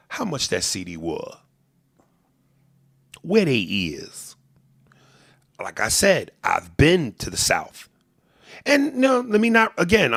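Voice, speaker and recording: A male comedian hosts a podcast in a casual, profane way, with a gravelly edge under his voice. His pitch swings widely as he breaks into bits and impressions, and the sound is dry and close to the mic. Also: dry recording. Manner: profane, animated, jumps into impressions.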